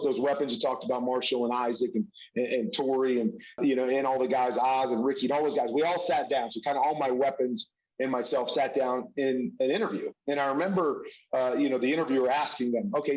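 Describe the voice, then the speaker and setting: A man's voice: mid-range voice, lo-fi sound. A middle-aged man who played football, answering interview questions in a humble, reflective way that is full of fillers. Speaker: interview guest, former football quarterback. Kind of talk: conversational interview.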